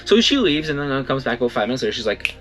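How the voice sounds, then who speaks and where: A man's voice: medium pitch, racing, faint music behind. A young man in casual storytelling, rambling and correcting himself, acting out what others said. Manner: rambling, self-correcting, animated quoting. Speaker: vlogger.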